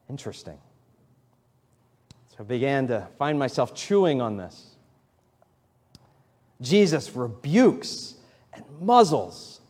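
A man's voice: mid-range voice, a little mellow. A man in his thirties preaching a sermon in a conversational way, building to emphatic, rising lines. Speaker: pastor. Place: church sanctuary. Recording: long hall reverb in church.

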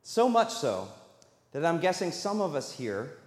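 A man's voice: on the high side, big pitch swings, unhurried, darkish tone. A man preaching a sermon as pastor, talking in a conversational way and putting questions to the congregation. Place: church sanctuary. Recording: echoey hall, long reverb.

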